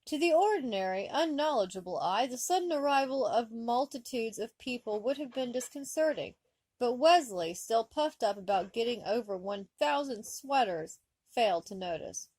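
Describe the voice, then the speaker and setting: A woman reading fan fiction aloud, with expressive comic narration. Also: on the high side, normal speed, dry recording. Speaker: story reader.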